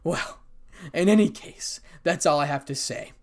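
A man voicing a bitter young man who coldly confronts friends who betrayed him and breaks into angry shouting. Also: a little high, measured pace, pitched above the performer's own voice, lightly acted. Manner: cold and scornful, bursting into shouting.

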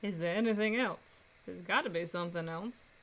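A woman's voice: fairly low pitch, brisk, a bit bright. A woman casually playing and reading through a game on a stream, musing aloud. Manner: musing, reads dialogue and narration aloud.

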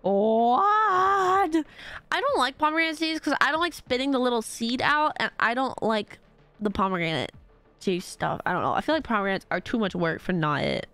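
Chatty young woman streaming, bright voice. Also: a little high, lively intonation, moderate pace, no room sound, faint music behind. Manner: chatty, bubbly, reacting to chat. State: out of breath. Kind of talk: casual chat while gaming.

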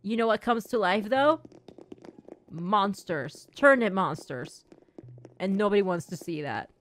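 A woman's voice: mid-range voice, lively intonation, unhurried. A woman gaming streamer chatting live with viewers, playfully acting as a strict teacher and laughing often. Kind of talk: livestream chat, playing a strict teacher to viewers.

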